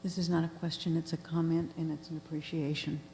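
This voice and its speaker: Woman audience member from California, low gravelly voice, halting and sincere, roomy hall. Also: little pitch movement, dark tone. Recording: roomy hall with mains hum.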